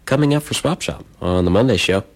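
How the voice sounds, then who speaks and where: A man's voice: fairly low pitch, expressive, a little fast. Sleepy, easygoing radio host man. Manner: loose and self-deprecating, yawning and stumbling over words. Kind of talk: casual radio call-in show hosting. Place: small-town radio studio.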